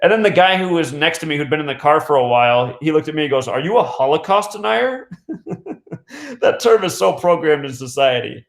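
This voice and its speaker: Man, casual rambling storyteller, slightly high voice, roomy echo. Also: big pitch swings, a little fast. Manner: rambling, frequent fillers and restarts, chuckles. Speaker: radio host.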